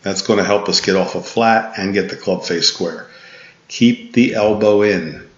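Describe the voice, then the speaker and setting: Low-voiced tired man coaching golf. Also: unhurried. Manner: patient, instructive, talks through points with restarts. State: tired, yawning. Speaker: golf instructor. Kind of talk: swing analysis voice-over lesson. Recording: echoey, dull lo-fi sound.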